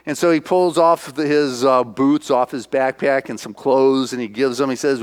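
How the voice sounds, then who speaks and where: A man's voice: mid-range voice, fairly even intonation, moderate pace, hardly any pauses, clean tone. A man preaching a sermon, retelling a film in a casual storytelling way, full of fillers. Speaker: minister.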